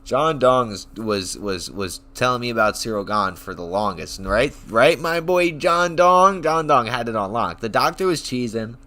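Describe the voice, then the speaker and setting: A man streaming a casual reaction rant, telling stories in an excitable, profane, rambling way. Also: mid-range voice, normal speed, hardly any pauses. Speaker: online streamer.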